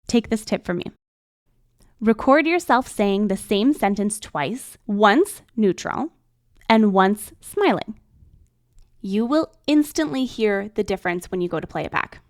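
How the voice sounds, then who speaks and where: Expressive woman coaching, dry close sound. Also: mid-range voice, no echo. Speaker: podcast host and production coach. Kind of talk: instructional podcast talk.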